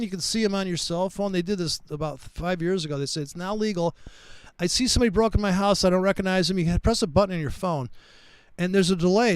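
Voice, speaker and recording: A man hosting a live trading stream, telling animated stories in casual chat and swearing freely. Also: sits high, clean tone, no echo.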